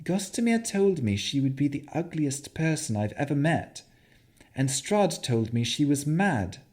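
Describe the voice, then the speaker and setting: A woman's voice: sits low, sing-song, a little slow, a little mellow, pitched above the performer's own voice. A male narrator voicing a composed young female warlock who speaks steadily and firmly. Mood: urgent.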